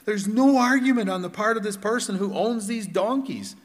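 Middle-aged pastor preaching, higher voice, chatty rhetorical questions, long hall reverb. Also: male voice, lively intonation, moderate pace. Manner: conversational preaching, rhetorical questions, swings from loud to hushed. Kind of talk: sermon. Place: church hall.

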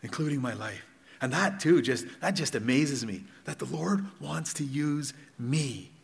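A middle-aged man preaching a sermon in a conversational way, asking the congregation questions and swinging between loud and hushed. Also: medium pitch, lively intonation, a little slow, gravelly, long reverb tail. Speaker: pastor. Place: church hall.

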